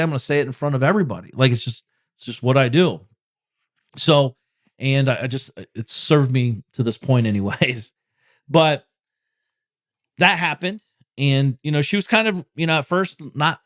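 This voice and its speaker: A man's voice: medium pitch, dry recording, clean studio sound. Blunt, cursing man talking straight. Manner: loose, rambling delivery with restarts and "like", "you know". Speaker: podcast host. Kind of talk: solo podcast monologue.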